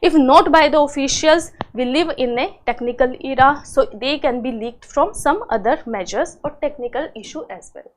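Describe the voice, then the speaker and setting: A woman's voice: sits high, moderate pace, hardly any pauses, a little hiss or hum. A woman giving an exam-prep lecture, explaining step by step and asking herself questions, often tagging "right?". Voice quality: frequent "right?" and "uh" fillers. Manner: explanatory, asks and answers own questions. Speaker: teacher.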